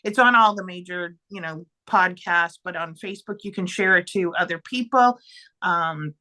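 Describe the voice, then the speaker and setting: A woman co-hosting a podcast in casual chat, animated, often exclaiming and trailing off mid-thought. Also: fairly low pitch, normal speed. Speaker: podcast co-host.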